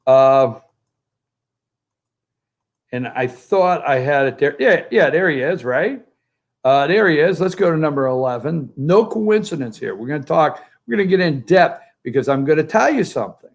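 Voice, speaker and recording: Gravelly sarcastic male commentator. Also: on the high side, lively intonation, normal speed. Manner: sarcastic, joking. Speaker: political commentator. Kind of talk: opinionated political talk. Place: outdoors by a pool, remote from the studio.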